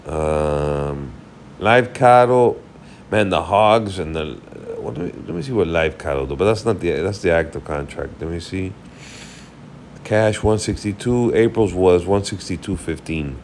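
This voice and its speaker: A man's voice: low-pitched, expressive, a little slow, darkish tone, a little hiss or hum. A tired man rambling casually through a market recap, thinking aloud while he checks charts. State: tired, yawning. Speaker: market commentary host.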